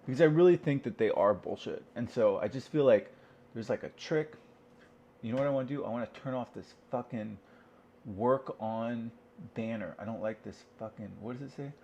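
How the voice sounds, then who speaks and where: A man's voice: medium pitch, normal speed, dark tone, slight background noise. Guy ranting to himself at home, cursing a lot, kinda dull lo-fi sound. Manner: rambling, profane, talks to himself. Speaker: vlogger. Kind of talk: rambling solo rant to camera. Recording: dull lo-fi recording.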